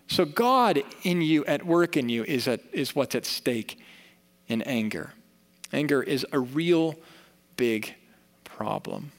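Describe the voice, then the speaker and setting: Earnest preaching man in a reverberant church. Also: fairly high pitch. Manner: earnest, conversational preaching with rising emphasis. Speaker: pastor. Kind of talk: sermon. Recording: long reverb of a church hall.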